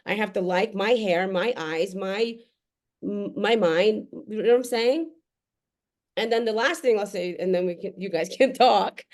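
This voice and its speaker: A woman's voice: medium pitch, a little slow, a little mellow. A middle-aged woman talking candidly to the camera as a mother addressing other parents, blunt and profane, often laughing between phrases. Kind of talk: candid unscripted talk to camera. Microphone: camera facing her.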